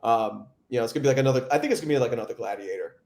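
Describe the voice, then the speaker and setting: A man's voice: mid-range voice, very fast, gravelly, a little mellow. Casting: male podcast host, loose rambling delivery, echoey room sound. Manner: rambling, many fillers. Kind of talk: casual chat.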